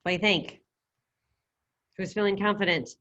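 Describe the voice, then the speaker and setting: A woman teaching an online language class, giving brisk, upbeat coaching over a video call. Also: mid-range voice, fairly even intonation, bright, forceful tone, highs cut off. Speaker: Spanish teacher.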